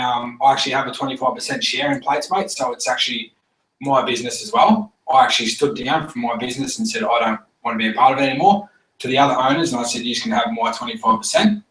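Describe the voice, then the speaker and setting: Animated man, far-off and echoey. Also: medium pitch. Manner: animated, laughing often, swears freely. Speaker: team member giving a testimonial. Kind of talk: casual storytelling talk to a group. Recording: echoey room, recorded from afar.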